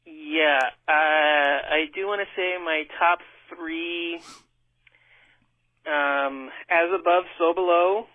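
A man's voice: fairly high pitch, steady tone, takes it slowly, no echo. Hesitant man on a tinny phone line. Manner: hesitant, many ums and uhs. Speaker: caller. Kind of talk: casual recommendations by phone.

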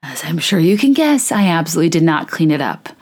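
A woman's voice: deep voice, big pitch swings, fast, darkish tone. A woman hosting a casual podcast, reading listener stories aloud and reacting candidly and indignantly, with many "like" fillers.

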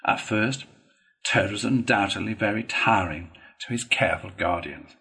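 A man narrating a classic children's storybook in a measured, even storytelling manner. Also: on the low side, gravelly, poor audio. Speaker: reader.

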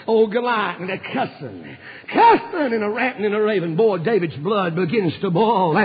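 A man's voice: high-pitched, sing-song, normal speed. A male preacher, preaching an impassioned storytelling sermon full of "uh" fillers. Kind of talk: fervent sermon. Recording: dull recording with long hall reverb.

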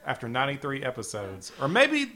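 A man's voice: mid-range voice, huge pitch swings, brisk, sharp tone. A man co-hosting a podcast, laughing often and talking in a self-deprecating way. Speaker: podcast co-host. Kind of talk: casual chat.

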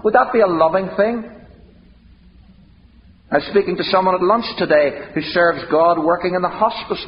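High, impassioned male preacher. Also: slight background noise. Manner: impassioned, rhetorical questions, dramatic emphasis. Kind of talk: sermon. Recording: dull lo-fi recording in a reverberant hall.

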